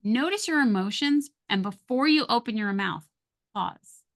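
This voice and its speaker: Calm woman coaching parents on tone. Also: fairly high pitch, a little slow. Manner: calm, coaching, acts out soft and sharp tones. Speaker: guest, parenting communication coach. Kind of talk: conversational advice on a podcast.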